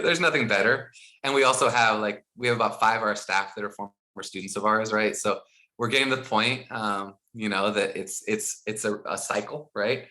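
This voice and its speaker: A middle-aged man telling animated stories as a podcast guest, acting out dialogue and laughing as he goes. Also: on the low side. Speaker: guest, founder of a school mindfulness program. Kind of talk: storytelling in a podcast interview.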